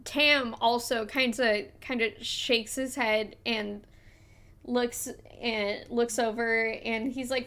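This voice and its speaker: A woman's voice: fairly high pitch, fairly even intonation, slow pace, a bit bright. A woman narrating a live tabletop game as game master, rambling with fillers and restarts.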